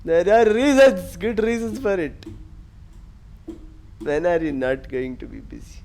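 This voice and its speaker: A young man chatting casually on a game stream, animated and teasing. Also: high voice, measured pace. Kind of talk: casual gaming stream chat.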